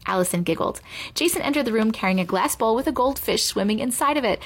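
A woman reading a children's book aloud, giving the characters animated voices. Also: mid-range voice, breathy edge. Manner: animated character voices, slow expressive delivery. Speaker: reader.

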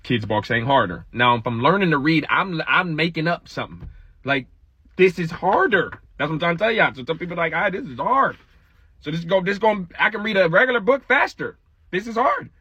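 A man talking casually to his viewers and addressing them as y'all, with animated asides while reading a kids' book. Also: on the high side, brisk, breathy edge. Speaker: vlogger. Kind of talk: casual read-aloud vlog.

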